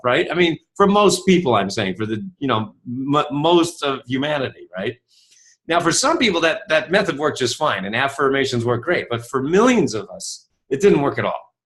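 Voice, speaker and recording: A man in his fifties tells his story as an interview guest, voicing the people in it with sudden jumps upward. His voice sits a little high for a man. He speaks with the ease of a seasoned speaker. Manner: animated, acts out quoted dialogue with rising pitch.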